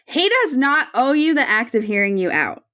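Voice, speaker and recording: A woman co-hosting a podcast, recapping a TV episode in casual chat, animated and laughing often. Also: sits high, moderate pace. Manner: animated, laughs often, reads out her notes. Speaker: podcast co-host.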